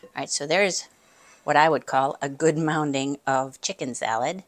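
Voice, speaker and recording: A woman's voice: low-pitched, moderate pace. Chatty woman demonstrating a home recipe. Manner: chatty, talks straight to viewers; savoring, with appreciative murmurs. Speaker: cooking channel host. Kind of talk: casual cooking demonstration.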